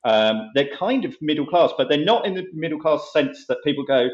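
A man's voice: a little high, animated, lo-fi sound. Rambling man in a roomy room. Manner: rambling, halting, many restarts. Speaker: comedian guest. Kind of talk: casual chat.

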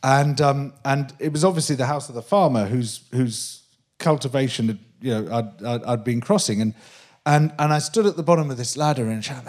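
A man, a guest on a live interview show on a theatre stage, telling an animated anecdote with many restarts and laughs. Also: mid-range voice, fairly quick. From Britain. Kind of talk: live comedy-podcast interview, storytelling.

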